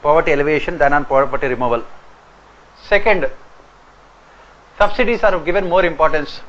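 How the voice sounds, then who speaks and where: Indian guy teaching a class, kinda high voice, says everything twice, muffled lo-fi sound. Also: a bit bright. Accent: Indian English. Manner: repeats each point slowly for note-taking. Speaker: exam coaching teacher. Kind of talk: classroom lecture, dictating answer points.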